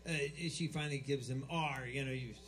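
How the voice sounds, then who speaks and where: A man doing stand-up, telling dirty jokes in a rambling, stumbling way with loud punchlines, live in a small club. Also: mid-range voice, steady tone, a little fast, faint music behind. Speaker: stand-up comic.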